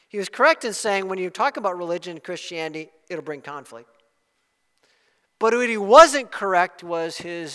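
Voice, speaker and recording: A male pastor delivers an impassioned sermon in a high, bright voice. His preaching swells to fervent, loud peaks and then falls back quiet. The sound rings with the long reverb of a church hall.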